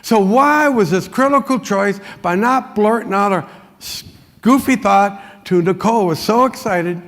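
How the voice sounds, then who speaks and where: A man with a high, gravelly voice delivers a motivational keynote as a string of folksy stories, chuckling often between lines. His voice rings out through a big conference hall with a long, trailing reverb. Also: measured pace, a bit bright. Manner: folksy anecdotes with frequent chuckles. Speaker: motivational speaker.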